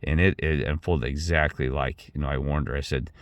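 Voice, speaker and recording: Very deep-voiced man rambling on. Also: steady tone, brisk, clean tone, dry recording, lo-fi sound. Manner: meandering, repeats himself, restarts often. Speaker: channel host. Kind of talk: rambling personal monologue.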